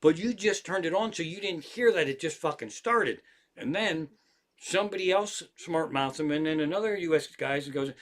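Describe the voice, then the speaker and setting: A man's voice: fairly high pitch, brisk. Man telling profane, rambling stories at home. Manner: profane, animated anecdotes with frequent swearing. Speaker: comedian hosting a livestream. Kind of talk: casual rambling storytelling. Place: home, in an armchair.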